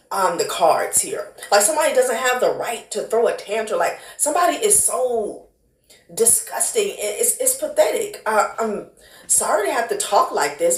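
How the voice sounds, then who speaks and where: A woman doing a casual tarot reading, blunt and profane, who calls the listener honey and child. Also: medium pitch. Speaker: tarot card reader. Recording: echoey room.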